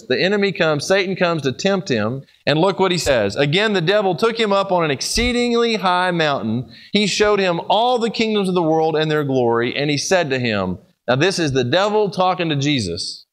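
Man preaching a storytelling sermon. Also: a little high. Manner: storytelling, swings between emphatic and hushed.

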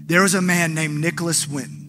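A male pastor preaching an impassioned sermon, moving between urgent appeals and hushed storytelling. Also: a little high, fairly even intonation, brisk, music in the background. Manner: impassioned, building to pleas and soft hushed moments.

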